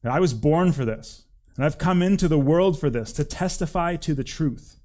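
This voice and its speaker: A man reading the part of a calm, solemn teacher, measured and earnest. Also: on the high side, voice pushed up, lightly acted.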